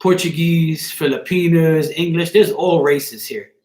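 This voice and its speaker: A man's voice: on the high side, fairly even intonation, unhurried, darkish tone. A Bermudian man chatting casually on a live stream, joking and swearing offhandedly as he answers viewers by name. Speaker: live streamer reading chat. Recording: echoey room.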